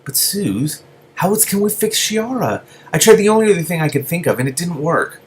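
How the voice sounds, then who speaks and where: A man's voice: medium pitch, lively intonation, quick pace, fairly bright tone, slight background noise, pitched above the performer's own voice. A man voicing an earnest young man who apologizes and pleads a lot.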